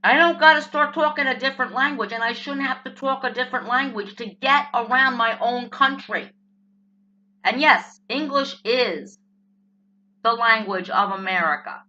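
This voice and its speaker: Brash high-voiced New Jersey woman ranting. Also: moderate pace, bright, forceful tone, lo-fi sound. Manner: brash, blunt, profane. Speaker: political commentator. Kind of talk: ranting comic monologue.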